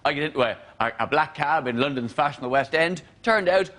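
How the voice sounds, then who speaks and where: A man's voice: a little high, expressive, fast talker, a bit bright. A male comedian doing an exasperated stand-up bit in a TV studio. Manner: exasperated, mimicking a cabbie. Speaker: comedian panellist. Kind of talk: stand-up anecdote.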